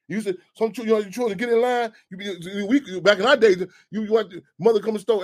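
A man's voice: high voice, racing, few pauses. A man hosting a radio talk show, speaking in loose, profane street talk full of restarts.

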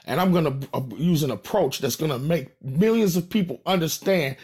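A rapper from St. Louis, speaking with the city's accent, addresses his fans in a boastful, emphatic monologue laced with profanity. His husky voice sits on the high side with a darkish tone, moving at normal speed.

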